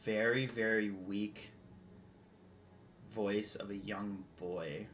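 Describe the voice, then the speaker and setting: A man running a tabletop game as dungeon master, narrating in a halting way with many fillers. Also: fairly low pitch, fairly even intonation, fairly bright tone, slight background noise.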